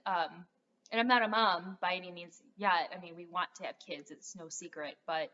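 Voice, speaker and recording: A woman's voice: lowish voice, steady tone, normal speed, bright, forceful tone, slight background noise. A young adult woman rambling through a casual vlog, full of fillers as she talks straight to her viewers. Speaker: vlogger. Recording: dull lo-fi sound.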